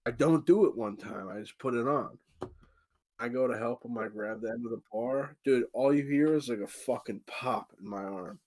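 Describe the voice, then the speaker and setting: A podcast co-host with a medium-pitched voice, speaking at a moderate pace, tells a long story about an injury in casual storytelling chat. He is animated and profane, swearing freely and acting out what people said.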